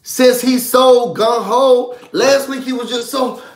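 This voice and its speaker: A man's voice: very high-pitched, fairly even intonation, slow, reverberant. A man hosting a live reality-show recap, ranting heatedly with lots of profanity. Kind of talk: live stream rant.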